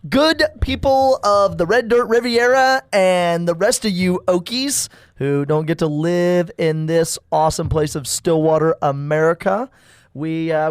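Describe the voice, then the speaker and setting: A man's voice: sits high, smooth, dry recording. A man, a priest hosting a podcast, chatting casually in a jokey, rambling way with many restarts, recorded in a studio.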